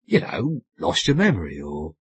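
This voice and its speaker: A man's voice: deep voice, huge pitch swings, normal speed, husky, no room sound, exaggerated voice. A man voicing a simple, bluff young sailor who talks in fumbling, colloquial bursts in an audiobook. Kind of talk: audiobook character voice.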